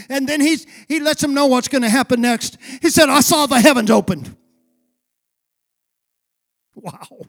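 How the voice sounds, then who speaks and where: A male pastor preaching a sermon with passion, breaking into shouts as he retells the story dramatically. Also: very high-pitched.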